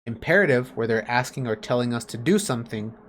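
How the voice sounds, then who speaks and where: Man, teacher, patient, everyday examples, video call, mid-pitched. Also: animated, fairly quick, a little hiss or hum. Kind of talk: online class lesson.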